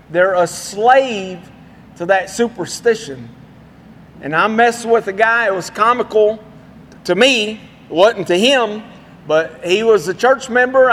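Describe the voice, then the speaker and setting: High-voiced pastor preaching in a hall. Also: male voice, fairly bright tone. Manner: folksy anecdotal storytelling. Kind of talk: sermon. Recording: long hall reverb.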